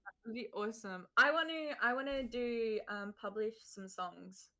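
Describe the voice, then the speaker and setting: A woman's voice: on the high side, moderate pace, bright, forceful tone. A chatty woman streamer hosting a casual group conversation, laughing often and tripping over her words. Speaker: streamer hosting a sleepover chat.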